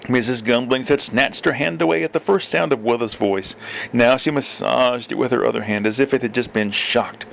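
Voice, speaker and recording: A man reading absurdist comic fiction aloud, deadpan and expressive. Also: mid-range voice, normal speed, creaky, a little hiss or hum. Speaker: storyteller.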